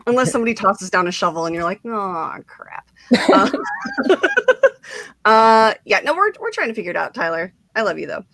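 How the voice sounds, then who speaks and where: Female host, casual livestream chat, bright edgy tone, bubbly and giggly, dry close sound. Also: medium pitch, big pitch swings, fairly quick, dry recording. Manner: bubbly, giggly storytelling with lots of "like".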